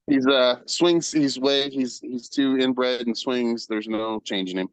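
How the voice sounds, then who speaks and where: A man's voice: medium pitch, takes it slowly, pauses often, clean tone, dry recording, rough recording. A man chatting casually on a podcast, rambling with crude humor and frequent laughs. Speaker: podcast guest. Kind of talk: casual chat.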